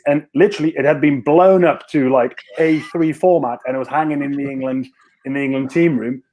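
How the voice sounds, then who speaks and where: A Scottish man with a medium-pitched, slightly fast and slightly mellow voice appears as a podcast guest and former rugby winger. In a casual chat, he tells a long, rambling story, mocking himself and restarting often.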